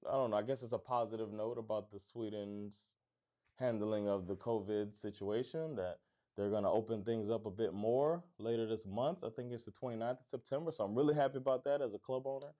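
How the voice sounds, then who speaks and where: A man with a low, dark-toned voice talks a little fast while hosting a casual livestream and reading viewers' comments. Middle-aged and from Florida, he owns a comedy club and speaks neutral American with a faint Florida lilt. He's easygoing and upbeat, laughs a lot, and leans on the word "man."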